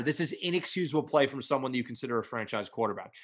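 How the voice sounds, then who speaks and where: A man's voice: medium pitch, animated, racing, a bit bright, slightly rough. A man co-hosting a sports podcast, giving blunt, opinionated takes in casual chat. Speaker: podcast co-host.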